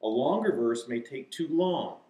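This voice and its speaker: A man explaining to teachers how to teach a verse to children, acting out slow, deliberate recitation. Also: medium pitch, expressive, dark tone, roomy sound, rough recording. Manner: demonstrates, reciting key phrases slowly and deliberately. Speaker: Bible teacher. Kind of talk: instructional talk to teachers.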